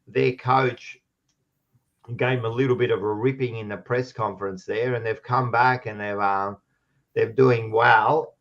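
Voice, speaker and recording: A man's voice: medium pitch, a bit bright, lo-fi sound. An Australian man co-hosting a casual sports chat show, blunt and teasing, swearing freely. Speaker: co-host. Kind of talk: casual banter.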